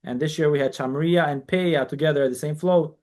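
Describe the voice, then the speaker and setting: A man's voice: fairly high pitch, fast. A man who grew up in New York, a guest on a casual podcast interview, telling long stories and quoting people in dialogue. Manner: animated storyteller, quotes people in dialogue, frequent restarts. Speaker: guest, community organization founder.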